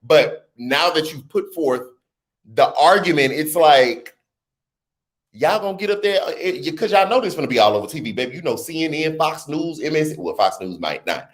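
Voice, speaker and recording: A middle-aged man with a New Orleans accent, talking casually to camera about politics, with lively rhetorical questions and teasing asides. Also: on the high side, moderate pace. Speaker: political commentary vlogger. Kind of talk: casual explainer vlog.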